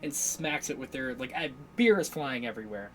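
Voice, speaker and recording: A man narrating a tabletop game as game master, halting, with many fillers. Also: mid-range voice, very animated, a little hiss or hum, low-quality recording. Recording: clear music bed behind voice.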